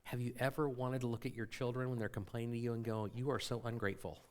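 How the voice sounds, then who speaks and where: A man's voice: medium pitch, little pitch movement, fast talker, darkish tone, clear, resonant tone. A middle-aged man preaching a sermon as a pastor in a church, conversational and full of rhetorical questions to the congregation. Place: church sanctuary.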